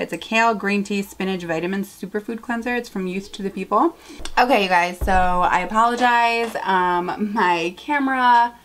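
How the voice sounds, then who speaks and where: A woman's voice: mid-range voice, fairly bright tone, a little hiss or hum. Chatty woman vlogger gushing over beauty products. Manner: chatty, gushing, lots of fillers and asides. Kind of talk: casual haul review to camera. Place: home.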